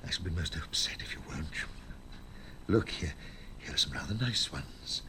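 An actor playing an anxious gentleman who coaxes and pleads in a stammering way in a radio play. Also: extremely low pitch, animated, moderate pace, a little hiss or hum, heavily acted. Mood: coaxing.

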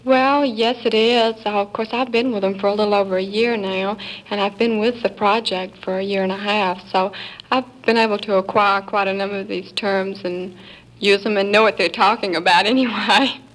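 Soft-spoken Southern woman, even tone. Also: mid-range voice, normal speed, poor audio. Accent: Southern American. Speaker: secretary to astronauts. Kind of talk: interview answers.

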